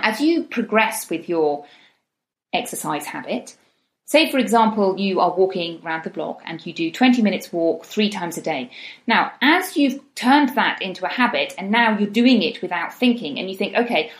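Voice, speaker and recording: A woman coach giving encouraging advice, slipping into little spoken quotes of what you might tell yourself. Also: medium pitch. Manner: encouraging, acts out inner voices in quotes. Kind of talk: advice talk to camera. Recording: roomy echo.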